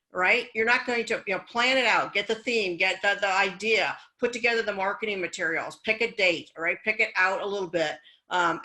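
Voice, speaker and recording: A woman's voice: medium pitch, sharp tone, poor audio. A woman guest on a business podcast, talking frankly and encouragingly in casual conversation.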